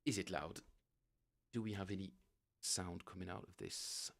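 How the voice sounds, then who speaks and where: Low-voiced bassist chatting on a live stream. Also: male voice, fairly even intonation, normal speed. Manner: rambling and self-correcting, chuckling often. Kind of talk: casual live-stream chat answering viewers.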